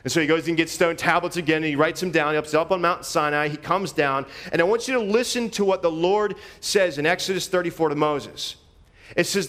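A man preaching a sermon in a conversational, animated way, often repeating phrases as he walks through scripture. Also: fairly high pitch, fairly quick.

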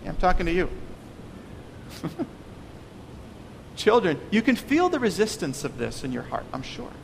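Guy preaching, high voice, earnest and pleading, echoey hall with a little hiss. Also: very animated, moderate pace, vocal fry. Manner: earnest, pleading, many repeated words. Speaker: pastor. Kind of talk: sermon. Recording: long reverb, faint noise.

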